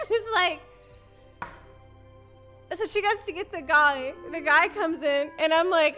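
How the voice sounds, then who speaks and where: A high-pitched woman streamer chats through a story in a casual, animated way. She laughs often and acts out the lines people said to her, with faint music playing underneath. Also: slow pace, long pauses.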